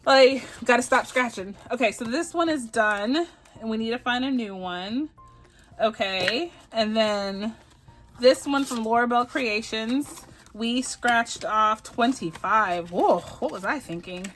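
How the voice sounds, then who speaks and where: Speaking slowly in a fairly bright, higher-pitched voice, a woman from Texas giggles and chats casually through savings challenges on her budgeting channel, adding up the totals aloud.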